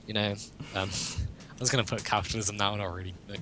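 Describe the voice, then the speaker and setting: Talking fast in a lowish, steady voice, a man co-hosts a podcast while a crowd murmurs in the background. The conversation is loose and jokey, and he wanders off on tangents with frequent chuckles.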